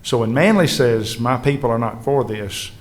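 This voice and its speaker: A state legislative leader with a mid-range voice and moderate pace tells a history panel audience earnest anecdotes. He's an animated storyteller who mimics his colleagues as he goes.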